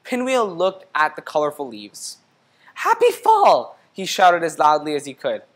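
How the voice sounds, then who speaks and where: A woman reading a children's picture book aloud, lively and stopping to put questions to the young listener. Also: low-pitched, moderate pace. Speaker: children's story reader.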